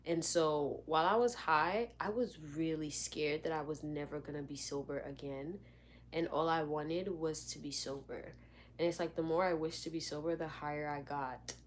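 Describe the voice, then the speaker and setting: Young woman, casual storytelling vlog, lower voice, dramatic and chatty, faint hum behind. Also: moderate pace. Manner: animated, dramatic retelling with lots of "like". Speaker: vlogger.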